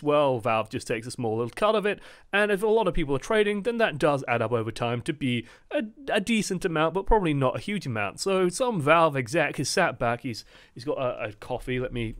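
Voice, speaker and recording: A man's voice: fairly high pitch, clear, resonant tone, no room sound, clean studio sound. Sarcastic man ranting about games. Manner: sarcastic, animated. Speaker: gaming video host. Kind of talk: ranting commentary.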